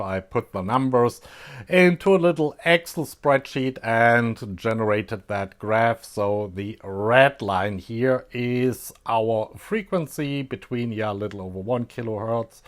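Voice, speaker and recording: Slow-talking man with a German accent. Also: fairly low pitch. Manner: slow, thinking aloud with many fillers. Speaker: electronics hobbyist host. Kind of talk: casual technical explanation.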